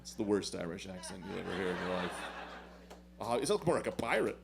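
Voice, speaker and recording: A man doing a stand-up comedy set, telling self-deprecating stories in an animated way with loud swings. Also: deep voice, fast talker, gravelly.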